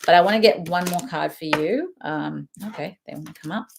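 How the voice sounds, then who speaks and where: Woman, young adult, lowish voice, casual rambling card reader, chatty with frequent laughs. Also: a little fast, gravelly, background noise. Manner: chatty, rambling, laughs often between thoughts. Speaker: tarot reader. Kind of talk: casual spoken oracle card reading.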